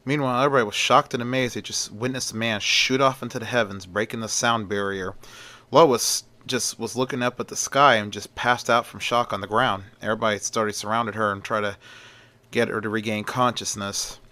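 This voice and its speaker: Bright-voiced man telling a rambling story. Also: on the low side, steady tone, fairly quick. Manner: rambling, with fillers and restarts. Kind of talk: casual homemade story narration.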